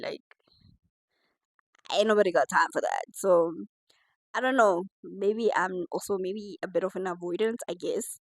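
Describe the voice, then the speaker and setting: A woman giving casual, animated commentary on a reality TV show. She laughs often as she reacts. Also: fairly low pitch, measured pace, long pauses, no echo, low-quality recording. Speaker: reality TV reviewer.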